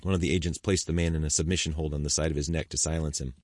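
A man reading an audiobook chapter in steady, measured scripted narration, close to the mic. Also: rumbling low, no room sound.

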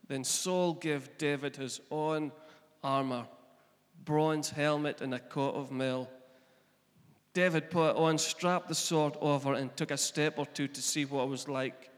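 A man with a Scottish accent preaching a sermon, retelling scripture in plain everyday speech. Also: on the high side. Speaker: pastor. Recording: long echo of a large hall.

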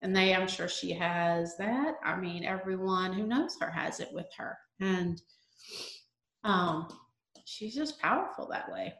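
A middle-aged woman speaks as a guest, halting and restarting, her voice often falling to a soft murmur. She talks in a roomy, echoing space. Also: fairly low pitch. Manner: halting, breaks off mid-sentence, voice drops to near murmur. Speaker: guest, poet and mother. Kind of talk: emotional conversation. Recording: echoey room.

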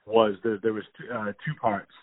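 Low-voiced man, tinny phone-like sound. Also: flat delivery, normal speed, no echo. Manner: enthusiastic, rambling with many fillers and restarts. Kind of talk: casual movie discussion.

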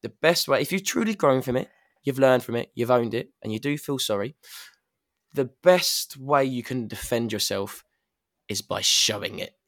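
A man's voice: medium pitch, expressive, normal speed, a bit bright. Candid rambling man. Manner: rambling, candid and self-correcting. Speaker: podcast guest. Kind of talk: casual chat.

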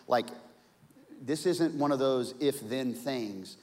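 A man preaching a sermon in an animated way, acting out the voices of the people in his story. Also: mid-range voice, measured pace, in a large hall. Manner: animated, acts out quoted voices. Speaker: pastor.

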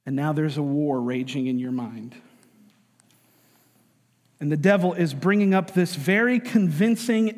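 A male pastor delivers a sermon in a relaxed, conversational way, throwing in jokes and acting out little voices. His voice sits a bit high, and a long reverb from a large hall trails his words. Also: a little slow. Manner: conversational and joking, acts out voices.

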